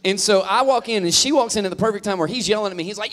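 High-voiced joking male pastor. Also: racing, a bit bright. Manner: joking, teasing storyteller addressing the crowd. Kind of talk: humorous sermon.

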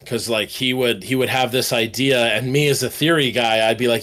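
A man's voice: mid-range voice, a little fast, few pauses. A man, a band guitarist, telling studio stories in a casual interview, swearing freely and acting out quotes. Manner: animated, swearing storyteller who acts out quotes.

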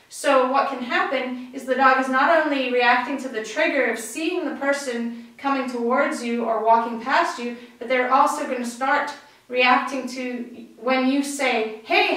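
High-voiced woman, distant and echoey. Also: a bit bright. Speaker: dog trainer. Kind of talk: instructional video talk.

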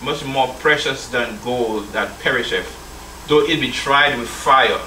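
A male church elder preaches unhurriedly in a sharp, mid-range voice, reading scripture aloud. He calls the congregation brethren and asks questions for them to answer. The distant mic gives a roomy sound with a little hiss or hum.

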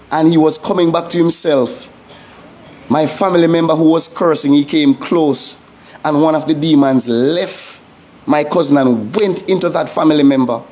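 A man's voice: fairly high pitch, darkish tone. A man, a pastor, giving a testimony sermon in an earnest, emphatic preaching manner with repeated warnings.

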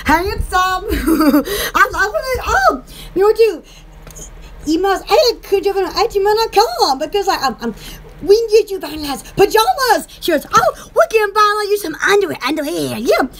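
Promoting her shop's goods in a relaxed home-shopping chat, a Southern US woman rambles along, often giggling and exclaiming. She speaks unhurriedly in a very high voice with big swings in pitch.

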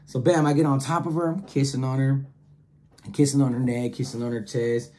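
A man spinning a casual story in heavy slang, jumping between his own voice and quick put-on voices for others. His voice sits at an everyday pitch with a dark, mellow tone. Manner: slangy, animated, acts out quoted voices. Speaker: storyteller host.

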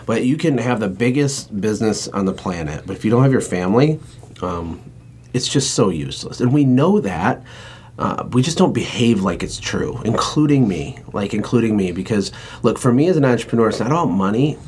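A man hosting a podcast, an entrepreneur talking in an energetic, emphatic, motivational way. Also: fairly low pitch, brisk, a little hiss or hum. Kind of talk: casual chat.

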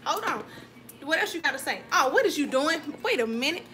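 High-voiced chatty woman cooking at home. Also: very animated, brisk, bright, forceful tone. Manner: chatty and playful, talks straight to viewers. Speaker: cooking vlog host. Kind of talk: casual chat while cooking. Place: home kitchen. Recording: noisy home recording.

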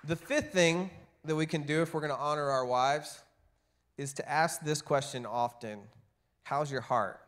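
A man preaching a sermon as pastor, telling stories and acting out the people he quotes, his loudness rising and falling. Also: on the high side, measured pace. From Texas. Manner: storytelling, acts out quoted voices with big swings in loudness. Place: church.

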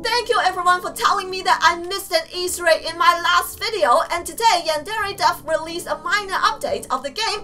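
A woman playing a video game and commenting excitedly, laughing and shouting often. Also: very high-pitched. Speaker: gamer. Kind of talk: let's play commentary. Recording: distant mic with game music. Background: game music.

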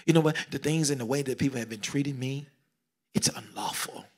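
A middle-aged man preaching a sermon, swinging between loud exclamations and hushed whispers, repeating phrases and calling out questions to the congregation. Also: mid-range voice, a little fast. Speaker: pastor.

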